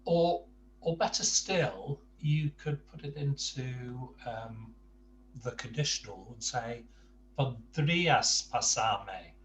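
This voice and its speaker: A man teaching a Spanish lesson to adult learners, explaining slowly and patiently with frequent ums and uhs. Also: mid-range voice. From England. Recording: distant mic with faint hum.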